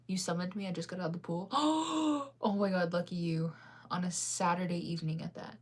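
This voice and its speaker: A sleepy American woman hosts a casual livestream, yawning and giggling as she rambles through answers to viewers' comments. Her voice is husky and on the low side, and she talks a little fast.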